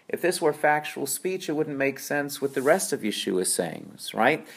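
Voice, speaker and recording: A man's voice: medium pitch, animated, moderate pace, vocal fry, hardly any pauses, slight background noise. Man teaching scripture in a casual talk. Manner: conversational, with frequent fillers and tag questions. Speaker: Bible teacher.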